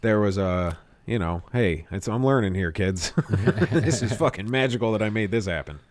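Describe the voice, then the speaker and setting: A man co-hosts a loose podcast chat, spinning animated stories packed with swearing. His voice sits on the low side. The sound is dry and close. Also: moderate pace, dry recording. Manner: animated storyteller who swears freely. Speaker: podcast co-host.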